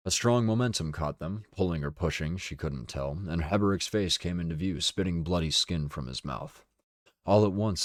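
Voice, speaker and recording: A man streaming a dramatic reading of a novel, steady and deliberate, with casual asides. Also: low-pitched, no echo, clean studio sound. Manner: steady, deliberate narration with occasional swearing asides.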